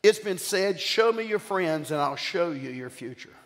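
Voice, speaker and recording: A man's voice: high-pitched, moderate pace. Older preacher man in a reverberant hall. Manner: animated storytelling with call-outs to the congregation. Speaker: bishop and preacher. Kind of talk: sermon.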